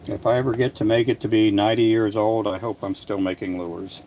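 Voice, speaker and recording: An older man making fishing lures in his workshop, chatting casually to a livestream audience in a soft, rambling way with frequent restarts. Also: on the low side, little pitch movement, fairly quick, a little hiss or hum. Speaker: lure maker livestreaming. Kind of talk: casual livestream chat while working.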